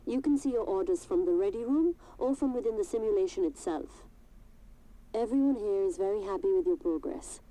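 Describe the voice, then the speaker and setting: An actress voicing a calm, businesslike female mission handler in a video game. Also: medium pitch, brisk, natural voice, poor audio. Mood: reassuring.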